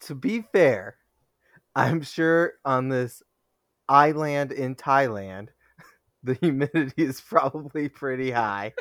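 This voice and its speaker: A man co-hosting a casual movie podcast, laughing often and trading quick banter. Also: medium pitch, a bit bright, no echo, clean studio sound. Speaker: podcast co-host. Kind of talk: casual movie-rewatch chat.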